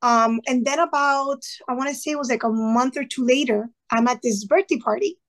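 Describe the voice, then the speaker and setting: A woman with a somewhat high voice tells stories casually as an interview guest. She is lively and acts out what people said, now and then dropping in a Spanish phrase. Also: brisk. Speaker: podcast guest, retired teacher.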